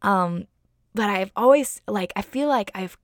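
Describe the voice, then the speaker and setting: A woman's voice: medium pitch, measured pace, no echo, studio quality. A young adult woman telling a personal story in a chatty, gushing way, full of "like" and "um". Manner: chatty, gushing, heavy use of "like" and "um".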